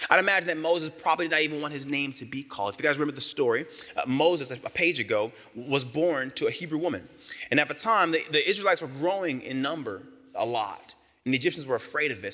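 A male pastor preaches with a bright, slightly high voice, casual and joking as he retells a story. His words ring out with a long reverb from a large church hall. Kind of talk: sermon.

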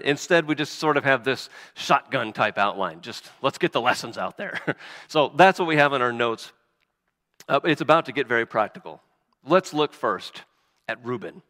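A man's voice: mid-range voice, pushed and bright. A man preaching a sermon as a pastor, earnest, with restarts and emphatic rises. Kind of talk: sermon with scripture reading and prayer. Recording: long reverb of a church hall.

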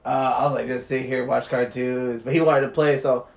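A man's voice: mid-range voice, little pitch movement, moderate pace, creaky. A young man casually telling a story, swearing freely and laughing as he talks. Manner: laid-back, swears freely, laughs through his story.

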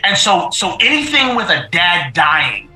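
High, bright man in casual chat. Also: sing-song, unhurried, reverberant, faint music behind, rough recording. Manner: emphatic, repeats himself, laughs often.

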